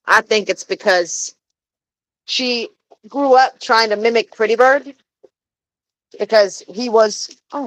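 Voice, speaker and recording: A woman with a Texan accent livestreaming outdoors on her farm, explaining her geese in a slow, rambling, casual way. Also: on the high side, fairly bright tone, poor audio. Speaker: pet goose keeper livestreaming. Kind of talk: casual live stream chat.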